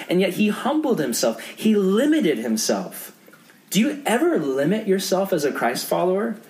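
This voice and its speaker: A young man preaching to a youth group in a casual storytelling style with lots of fillers. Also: a little high. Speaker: youth pastor. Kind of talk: youth sermon.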